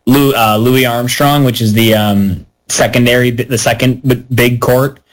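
A man telling a story in a casual podcast chat. He plays up the quoted voices in his anecdote, and his voice sits at a middle pitch. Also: steady tone, unhurried, low-quality recording.

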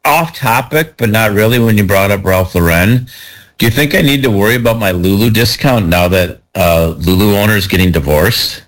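A very deep-voiced man in a relaxed podcast conversation. He drops teasing, dry comments into the talk. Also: normal speed. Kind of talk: casual chat.

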